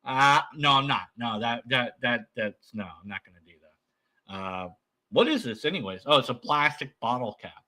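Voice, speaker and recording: A man's voice: medium pitch, expressive, normal speed, bright, forceful tone. A man giving rambling, sarcastic commentary while reacting to a video. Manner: rambling, mocking, sarcastic asides.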